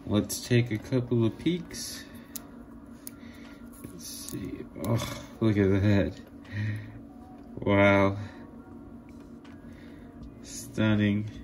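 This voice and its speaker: A man making jewelry, talking casually to his viewers in a vlog, excited and marvelling, laughing often as he shows pieces. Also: on the low side, drawn-out words, pauses often, very noisy. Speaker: jewelry maker.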